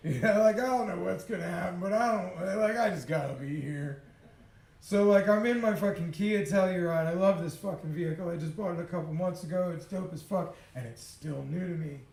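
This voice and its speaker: High-voiced man telling a raw personal story. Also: moderate pace, creaky, darkish tone, echoey room, rough recording. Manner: profane, emotional, laughs often. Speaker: speaker sharing a personal story. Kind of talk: raw confessional storytelling talk.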